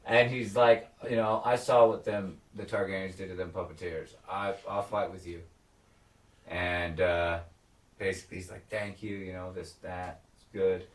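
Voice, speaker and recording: A man's voice: low voice, normal speed, roomy sound, distant mic. A man co-hosting a casual podcast chat, acting out characters' lines with lots of swearing. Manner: animated, acts out characters' lines, swears often. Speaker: podcast co-host. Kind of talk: casual chat recapping a TV episode.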